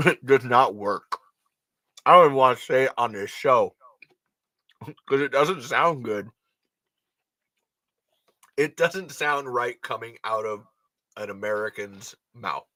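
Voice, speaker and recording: A man hosting a podcast in casual chat, animated and profane, laughing often and restarting his sentences. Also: medium pitch, unhurried, long pauses, no echo. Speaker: podcast host.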